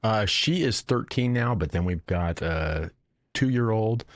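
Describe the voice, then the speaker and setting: Deep-voiced enthusiastic male podcast host. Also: expressive, slow pace, no echo, clean studio sound. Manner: enthusiastic and reflective, rambling. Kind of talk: casual interview conversation.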